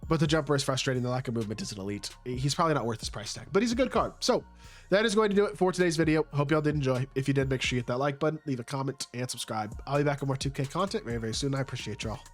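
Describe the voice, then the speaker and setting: A man's voice: medium pitch, animated, rapid-fire, faint music behind. A young man giving casual commentary over his own gameplay, rambling and hedging with rhetorical questions. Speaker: gaming YouTuber.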